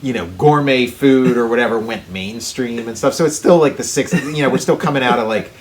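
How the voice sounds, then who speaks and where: Rambling mid-pitched male podcast host. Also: fairly quick. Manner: rambling, many fillers and restarts. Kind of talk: casual chat.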